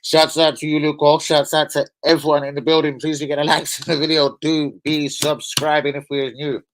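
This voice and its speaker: Excitable, swearing football fan. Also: male voice, a little high, brisk, poor audio. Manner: excitable, swearing, slangy, rambling. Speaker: host of a football fan channel. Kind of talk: casual live-stream chat.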